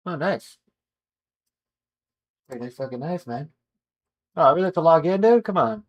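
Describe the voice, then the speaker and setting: A man's voice: on the high side, expressive, moderate pace, lo-fi sound. A man chatting casually while gaming on a stream, swearing a lot and calling people dude. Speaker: gamer on a stream.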